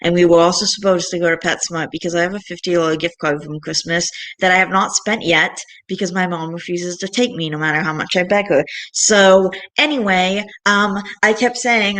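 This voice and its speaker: A woman's voice: on the low side, a little fast, hardly any pauses, fairly bright tone. A young woman talks straight to her camera in a casual vlog, venting about her frustrations. She rambles, restarts her thoughts and sighs often. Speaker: vlogger.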